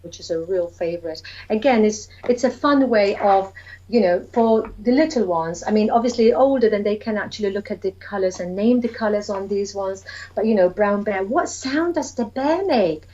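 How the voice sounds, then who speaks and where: A woman's voice: medium pitch, normal speed, dark tone, lo-fi sound. A woman early years educator chatting eagerly about reading to young children, acting out story voices and sounds.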